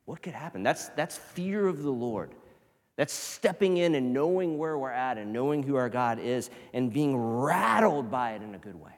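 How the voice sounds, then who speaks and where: Man preaching in a reverberant hall. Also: mid-range voice. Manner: conversational, drops from loud emphasis to hushed near-whispers. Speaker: pastor. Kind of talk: sermon. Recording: long reverb of a large hall.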